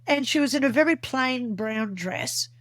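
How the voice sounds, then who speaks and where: A woman's voice: sits high, expressive, measured pace, no room sound. A woman guest on an interview podcast, earnestly recounting a personal experience in vivid detail. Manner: earnest, vivid storytelling that acts out remembered dialogue.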